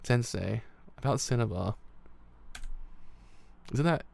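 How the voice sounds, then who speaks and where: Fretful clumsy young gem, puts itself down a lot, gravelly voice read by a man. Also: mid-range voice, lively intonation, takes it slowly, darkish tone, full character voice. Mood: pleading. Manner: fretful, self-deprecating.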